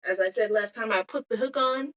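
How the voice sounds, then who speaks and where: A woman's voice: on the high side, brisk, a bit bright. A woman chatting casually to her live-stream viewers while making bead earrings on her phone, giggling and trailing off as she talks to herself. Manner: giggly, self-talking, trails off mid-sentence. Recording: cellphone live-stream audio.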